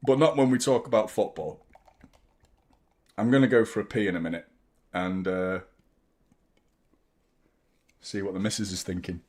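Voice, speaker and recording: A man's voice: deep voice, fairly even intonation, normal speed, long pauses, a little mellow. A young adult man, hosting a football watchalong in casual live-stream chat. He rambles, swears freely, reads viewers' comments aloud, and sounds drained.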